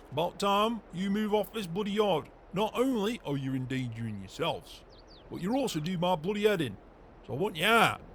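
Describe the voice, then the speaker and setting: A man's voice: high-pitched, a little hiss or hum. A man playing a grumpy, foul-mouthed middle-aged farmer in a farming game role-play. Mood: scolding. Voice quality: raspy, gruff and swearing.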